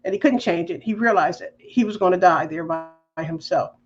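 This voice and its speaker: A woman on a podcast, telling a personal faith story in a lively, emotional way. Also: lowish voice, fairly quick, lo-fi sound, soft background music. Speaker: podcast guest.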